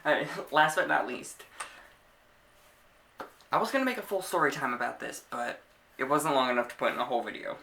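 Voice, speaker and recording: Animated young man telling stories. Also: medium pitch, fairly quick, gravelly, long pauses. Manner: animated, laughs often, acts out scenes. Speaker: vlogger. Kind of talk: casual storytime chat to camera.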